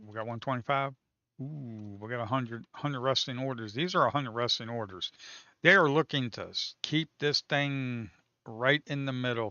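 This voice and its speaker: A man's voice: mid-range voice, sharp tone, dry recording, lo-fi sound. A man commenting casually on live trading, talking to viewers as folks, swearing and teasing the market. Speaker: day trader streaming live.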